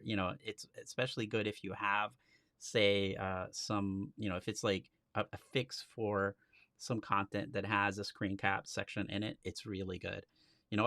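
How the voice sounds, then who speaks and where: A man hosting a live stream, walking through a software demo in a casual, chatty way with frequent restarts. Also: on the low side, no echo, clean studio sound.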